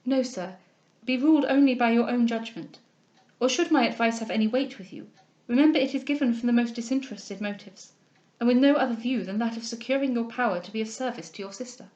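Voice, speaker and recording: A woman reading a calm, gently firm young lady. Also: a little high, muffled recording, natural voice. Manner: measured, gentle, formal. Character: composed, kindly young heiress, gently firm. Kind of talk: audiobook character reading.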